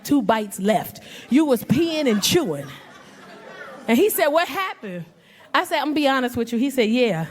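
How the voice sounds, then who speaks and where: A woman in her forties performing stand-up comedy, telling brash, profane stories loudly and acting out other people's voices. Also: sits high. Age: 40s. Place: comedy club stage. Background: audience laughter.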